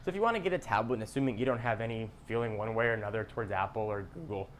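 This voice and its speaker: Measured man reviewing a tablet. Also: lowish voice, slight background noise. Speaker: tech reviewer. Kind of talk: scripted product review.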